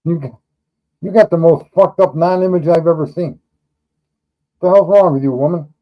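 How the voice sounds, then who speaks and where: A blunt, profane man from New York hosts a casual livestream chat. His voice sits a little high at a moderate pace, with the high frequencies cut off.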